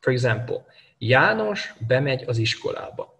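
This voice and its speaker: A man's voice: mid-range voice, very animated, moderate pace, creaky, a bit bright. A man giving a video language lesson, explaining grammar rules step by step with example sentences. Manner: methodical, explains with worked examples. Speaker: language teacher. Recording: distant mic in a reverberant room.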